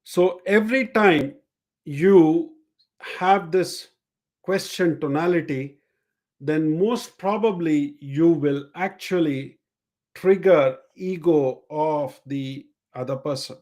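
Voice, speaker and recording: A man with a somewhat high-pitched voice runs a live-streamed coaching session. He explains step by step, repeats his main points and demonstrates each way of speaking. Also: slow, a little mellow. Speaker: sales and communication coach.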